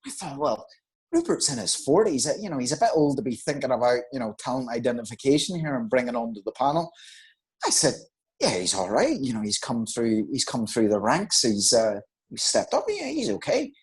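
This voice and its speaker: A man, a guest on a video call, telling animated anecdotes and acting out quoted lines. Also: medium pitch, a little fast, poor audio. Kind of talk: casual storytelling.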